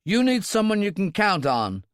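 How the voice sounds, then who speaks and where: A man's voice: high voice, big pitch swings, moderate pace, no room sound, studio quality, pitched above the performer's own voice. A man voicing a loyal, anxious older male servant in an audiobook, pleading and heartfelt.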